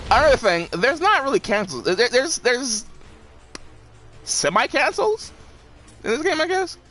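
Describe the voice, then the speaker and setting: A man's voice: very high-pitched, bright, forceful tone. A young man streaming a game, rambling profanely with lots of restarts and laughs. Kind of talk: casual commentary while gaming.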